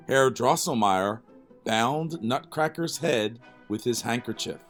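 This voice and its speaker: Man reading a bedtime story, slow and lively, soft music under it. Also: medium pitch. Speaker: narrator. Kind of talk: storybook narration. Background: faint music.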